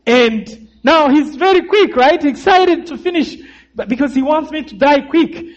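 A man giving a sermon testimony, telling his story dramatically and calling for amens, his voice dropping low and rising again. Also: lively intonation, a little slow. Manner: dramatic storyteller, calls for amens, swings between loud and hushed. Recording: muffled lo-fi recording.

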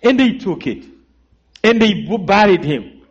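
High-voiced preacher telling his story. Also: lively intonation, measured pace, breathy edge. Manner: dramatic storyteller, calls for amens, swings between loud and hushed. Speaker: preacher giving a testimony. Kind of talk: sermon testimony storytelling. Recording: muffled lo-fi recording.

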